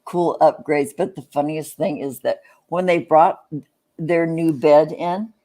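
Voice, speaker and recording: A woman's voice: low-pitched, fairly even intonation, unhurried, warm tone. A woman in casual chat, rambling through an anecdote with many restarts. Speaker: live stream chat participant.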